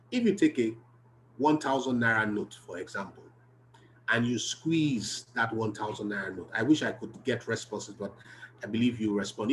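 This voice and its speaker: A man's voice: mid-range voice, slight background noise, rough recording. A man giving an earnest, emphatic self-help talk, repeating key phrases to drive them home. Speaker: behavioral health speaker.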